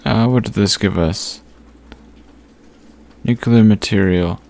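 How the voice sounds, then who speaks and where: Slow, gravelly-voiced man narrating gameplay. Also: fairly low pitch, a little mellow, a little hiss or hum. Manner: thinks aloud while sorting items, many pauses and fillers. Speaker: gaming channel host. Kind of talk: casual gameplay commentary.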